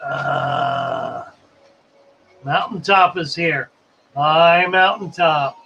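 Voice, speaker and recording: A man hosts a relaxed live stream, reading out viewer comments and musing between them. He speaks slowly in a somewhat high voice. The audio is slightly dull, with a faint hiss behind it. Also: gravelly. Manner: unhurried and chatty, musing aloud.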